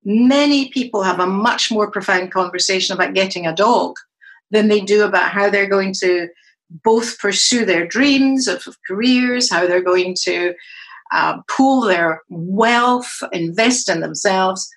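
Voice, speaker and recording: A middle-aged woman who works as a psychologist and coach appears as a podcast guest, telling stories in an animated way and acting out the dialogue she quotes. Her mid-range voice is a little slow, and the recording is low quality.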